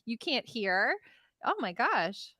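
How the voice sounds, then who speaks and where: A woman with a high, bright, very lively voice chimes in during a casual podcast chat, reacting quickly and laughing along. She is heard a little back from the mic. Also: dry recording, studio quality.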